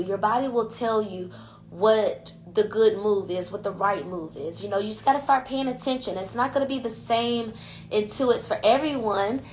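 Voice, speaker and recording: A woman hosting her own podcast in a loose, conversational monologue. She speaks as an intuitive coach, emphatic and direct, with a mid-range voice and frequent "you know" fillers. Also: mid-range voice. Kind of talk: casual monologue. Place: IG Live recording.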